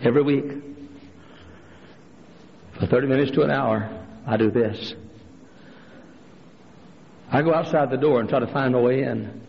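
A male pastor preaching a sermon in a church, swinging from hushed storytelling up to impassioned shouted refrains. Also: measured pace, creaky, pauses often. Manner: impassioned preaching, climbing to shouted refrains, dropping low for stories. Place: church sanctuary. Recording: lo-fi recording with long hall reverb.

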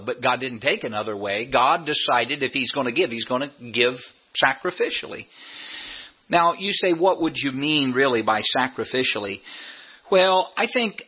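In the church sanctuary, a pastor with a husky voice preaches to his congregation with humor and a folksy touch, his voice climbing to emphatic peaks on key points. The audio is muffled and lo-fi, seemingly captured off the church's sound system.

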